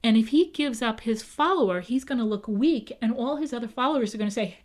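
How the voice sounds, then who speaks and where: In a relaxed podcast chat, a woman who serves as a town historian tells history with animation, acting out quoted voices and frequently tacking on "right?" Her voice is a bit high and a bit fast.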